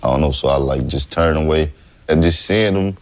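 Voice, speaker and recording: Very deep-voiced man, slangy and hesitant. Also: a little fast. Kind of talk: casual interview talk.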